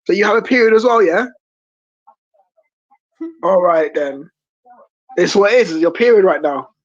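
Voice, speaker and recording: A woman's voice: on the low side, lively intonation, normal speed, no room sound, lo-fi sound, faint music behind. A woman hosting a stream, reacting in casual chat in a blunt, incredulous, swearing manner. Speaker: stream host.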